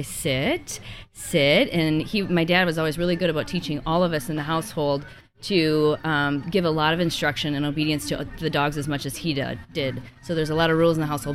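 Female co-host, earnest, advice-giving tone. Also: low voice. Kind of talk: casual advice talk.

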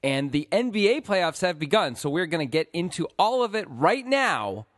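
A man's voice: fairly high pitch, sing-song, normal speed, no room sound, clean studio sound. A man hosting a casual sports podcast, playful and rambling. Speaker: podcast host.

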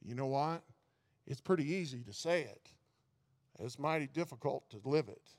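A man's voice: mid-range voice, lively intonation, moderate pace, a little mellow, in a large hall. A man preaching a sermon in a folksy way, often stumbling over and repeating his words. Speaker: pastor.

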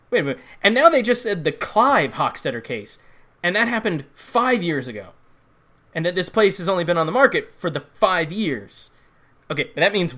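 A man's voice: on the high side, a bit bright. A man from the United States giving sarcastic, profane comedic commentary on a bad movie. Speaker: movie reviewer.

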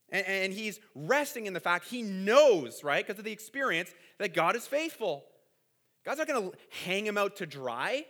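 Earnest, bright-voiced male pastor preaching. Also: high voice. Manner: earnest, conversational preaching, repeats words, many asides. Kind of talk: sermon.

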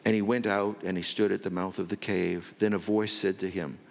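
A man preaching a sermon as pastor, telling the story with drama and dropping from loud to hushed. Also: sits low, flat delivery, brisk, gravelly, big-room sound.

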